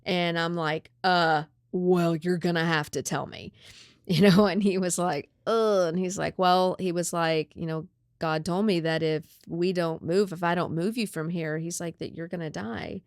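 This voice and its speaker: A woman podcast host in a casual chat, retelling a story with lively acted-out dialogue. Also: fairly low pitch, a little slow, no room sound, studio quality.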